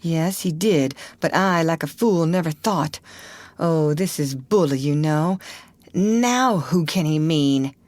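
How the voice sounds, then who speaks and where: A woman's voice: sits low, takes it slowly, a little mellow, no room sound. A woman voicing a nervous, scrappy country boy who talks in rustic dialect. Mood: relieved.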